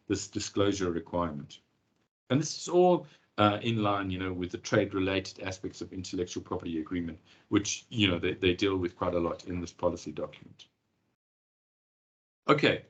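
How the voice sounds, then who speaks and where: Guy lecturing on law, low husky voice, chatty, keen, lots of ums and false starts. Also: fairly bright tone. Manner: conversational, enthusiastic, frequent fillers and restarts. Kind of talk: university lecture.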